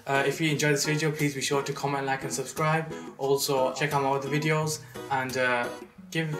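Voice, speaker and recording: Excitable young YouTuber. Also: male voice, mid-range voice, far from the mic. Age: young adult. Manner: excitable, joking, blurts out. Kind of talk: comedy sketch and vlog outro.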